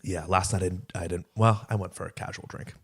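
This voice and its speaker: With a low, steady voice carrying vocal fry and a breathy edge, this young podcast co-host talks briskly in casual chat. He rambles through his stories, leaning on plenty of fillers.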